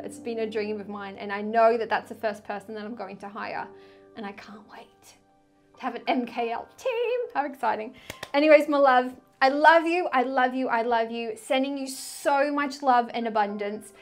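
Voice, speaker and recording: A young woman chats to camera as a spiritual tarot vlogger in a fairly high voice. She gushes, filling her talk with "like" and "literally". Faint music plays behind her. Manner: gushing, effusive, many "like" and "literally". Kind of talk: casual direct-to-camera chat.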